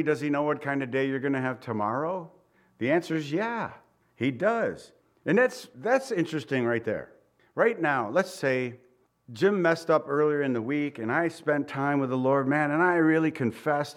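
A man preaching a Bible teaching in a loose, conversational way, chuckling and acting out the people he quotes. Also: fairly high pitch. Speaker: pastor. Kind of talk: sermon teaching.

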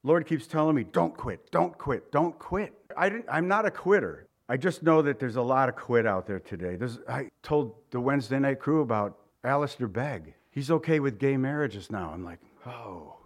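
A man's voice: medium pitch, expressive, brisk, hardly any pauses. A middle-aged man preaching a sermon in a casual, conversational way, joking and chuckling between points. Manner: informal and joking, with chuckles and asides. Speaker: pastor.

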